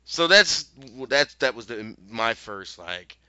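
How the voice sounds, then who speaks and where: Man, podcast host, chatty rambling recap with acted-out quotes; very bright, forceful tone, slightly muffled sound. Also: mid-range voice, big pitch swings, slow pace, clean tone, no room sound. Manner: retells scenes, quoting characters' lines; rambling, many fillers and self-corrections. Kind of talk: casual TV episode recap.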